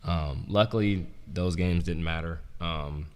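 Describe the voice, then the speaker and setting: A young man, a former college basketball player and coach, telling stories in a relaxed, rambling way, full of "like" and "um". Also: deep voice, a little slow, clear, resonant tone. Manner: relaxed, rambling, heavy use of "like" and "um". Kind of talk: casual storytelling interview. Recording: roomy with long reverb.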